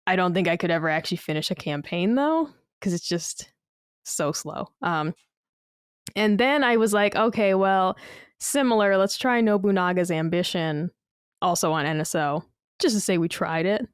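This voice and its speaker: A woman's voice: fairly low pitch, moderate pace, clean tone, no echo, clean studio sound. A woman co-hosting a casual gaming podcast, rambling with many fillers and casual swearing. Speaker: podcast co-host.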